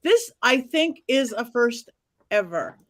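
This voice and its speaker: A woman hosting a live film panel, her voice sitting a little high. She briskly keeps things moving and speaks directly to viewers in the chat. Her manner is friendly and practical. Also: very animated, dry recording. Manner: brisk and organizing, addresses the chat. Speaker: host. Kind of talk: casual chat.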